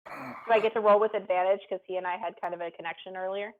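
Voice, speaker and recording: A woman's voice: mid-range voice, steady tone, quick pace. A woman playing a tabletop game, speaking casually as a player. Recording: tinny phone-like line.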